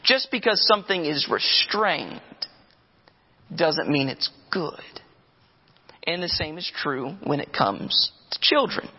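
Man, pastor, high voice, emphatic preaching, long reverb, dull lo-fi sound. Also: sing-song, slow, slightly rough. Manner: emphatic, repetitive preaching with vivid storytelling. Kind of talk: sermon.

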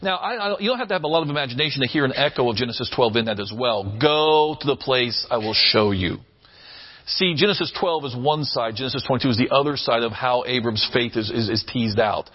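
A man's voice: mid-range voice, lo-fi sound. A man preaching a sermon, earnest and emphatic, repeating phrases for weight. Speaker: pastor.

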